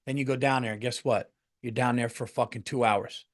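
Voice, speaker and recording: Casting: middle-aged male comedian, casual podcast monologue, animated, swears freely, voice of medium pitch. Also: fast. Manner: animated storytelling, jumps into loud acted-out quotes, swears freely.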